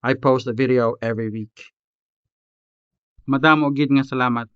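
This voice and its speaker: A man's voice: medium pitch, fairly even intonation, normal speed, clean tone, no echo, lo-fi sound. A man, a Hiligaynon speaker, narrating a scripted language lesson and carefully pronouncing example words. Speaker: language tutor.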